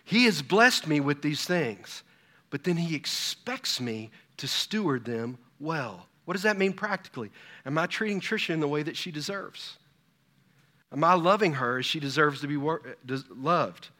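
A man's voice: on the high side, lively intonation, normal speed, bright, forceful tone. A pastor in his fifties preaching a sermon, full of rhetorical questions and personal stories. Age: 50s.

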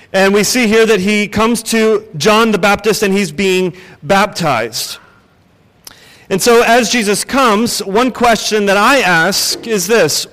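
A man's voice: high-pitched, a bit bright. A man preaching a sermon as pastor, earnest and speaking straight to the congregation. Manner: earnest, asks the congregation direct questions. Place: church sanctuary. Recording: reverberant church hall.

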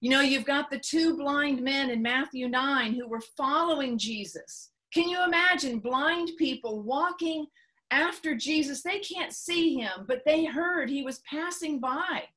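Woman preacher, high voice, unhurried earnest sermon delivery. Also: a bit bright. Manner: earnest, repeats phrases, slows for emphasis. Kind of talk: sermon teaching.

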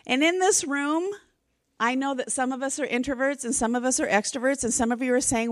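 A woman's voice: high-pitched, a little fast, no room sound. Chatty woman teaching a Bible study. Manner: chatty and expressive, with frequent restarts. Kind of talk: casual teaching talk to a women's group. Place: room with a group of women.

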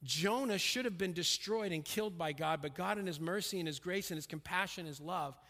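A man preaching an expository sermon, emphatic, swinging between raised and hushed delivery. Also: high-pitched, a little fast. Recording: long reverb of a large hall.

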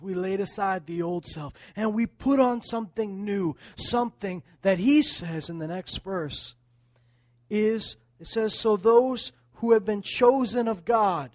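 Male pastor, high voice, dry, dead sound; fervent sermon delivery with dramatic loud-soft swings. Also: no room sound. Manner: preaching with sweeping swings between quiet and loud; repetitive, emphatic phrasing.

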